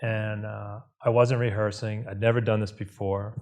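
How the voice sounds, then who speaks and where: A man's voice: fairly low pitch, moderate pace. Rambling man interrupting himself. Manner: rambling, self-interrupting, animated. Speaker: film director, panelist. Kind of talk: panel discussion.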